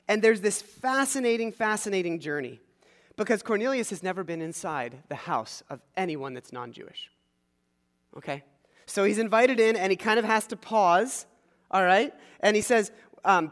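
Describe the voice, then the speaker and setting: A man preaching a sermon as pastor, retelling a story in an animated way and acting out the voices of the people in it. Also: high-pitched, long reverb tail.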